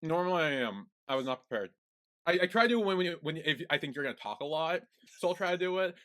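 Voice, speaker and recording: A man's voice: a little high, expressive, quick pace, a bit bright. A man co-hosting a casual podcast, retelling scenes in a chatty storytelling way. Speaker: podcast co-host. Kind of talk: casual recap chat.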